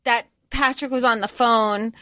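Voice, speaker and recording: A woman co-hosting a podcast, talking about a film in a blunt, animated way. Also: fairly high pitch, a little slow, no room sound. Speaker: podcast co-host. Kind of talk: casual movie discussion.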